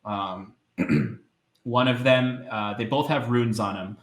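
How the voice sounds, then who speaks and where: Give me a low-voiced, hesitant man running a tabletop game, in a roomy echo. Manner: hesitant, many filler pauses. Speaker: game master.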